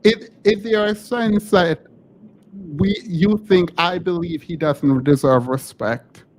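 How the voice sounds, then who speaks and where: A man hosting a casual live call-in stream, animated and laughing, often breaking off mid-sentence. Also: sits high, slow, a little hiss or hum. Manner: animated, laughing, self-interrupting.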